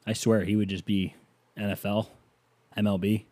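Rambling man with a mellow voice. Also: on the low side, flat delivery, normal speed, no echo. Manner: rambling, self-mocking jokes. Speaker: podcast host. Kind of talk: casual solo monologue.

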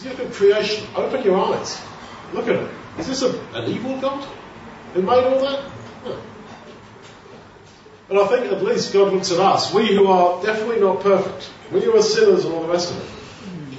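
A man with a high voice preaches a sermon conversationally, posing rhetorical questions and acting out quoted voices. There's a little hiss or hum, and the recording sounds dull, captured from a distant mic in a very echoey hall.

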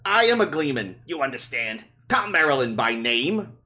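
A man voicing a smooth, showy male traveling storyteller, in a lively and somewhat high voice. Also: moderate pace, exaggerated voice.

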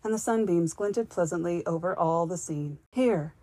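A woman reading a storybook audiobook aloud as a podcast host, in a calm, measured, gentle manner. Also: lowish voice, no room sound.

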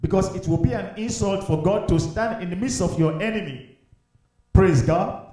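Man, pastor, high voice, emphatic repetitive sermon, very echoey church hall. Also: normal speed, mellow. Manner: emphatic, repetitive, calls for the congregation to answer.

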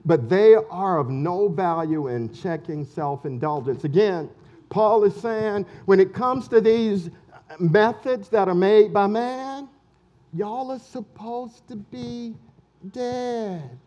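High-voiced pastor preaching slowly. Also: male voice, a little mellow, muffled recording. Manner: emphatic, repeats key phrases, colloquial Southern preaching. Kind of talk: sermon.

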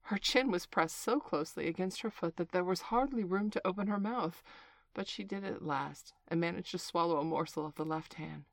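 A woman narrating a storybook aloud in a clear, measured, expressive way. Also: fairly low pitch, no echo.

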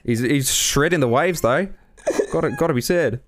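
A man's voice: medium pitch, normal speed, a little hiss or hum, lightly acted. A man voicing a brash, crude Australian surfer in a put-on Australian accent, swearing freely. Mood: blokey.

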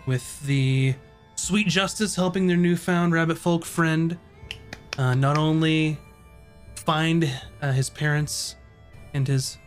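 Casual game master, slightly high voice, lots of ums, light music behind. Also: male voice. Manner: relaxed, many ums and uhs. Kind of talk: narrating a tabletop game.

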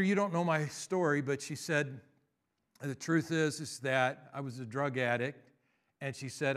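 A man preaching a sermon, telling stories in a hushed voice and then rising to loud, emphatic declarations. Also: medium pitch. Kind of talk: sermon with storytelling.

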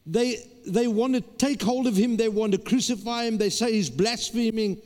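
A man's voice: high-pitched, moderate pace, darkish tone. A man, a pastor preaching a sermon with emphatic repetition and stammered restarts. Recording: long hall reverb.

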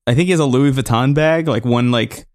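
A man co-hosting a casual chat show, retelling scenes in a relaxed way and acting out other people's lines. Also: mid-range voice, fairly quick, no echo, studio quality. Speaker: podcast co-host.

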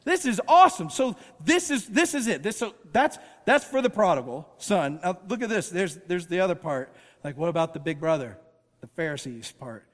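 A man preaching as a guest speaker, animated and emphatic, with casual asides. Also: high-pitched, normal speed, big-room sound. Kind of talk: sermon. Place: church auditorium.

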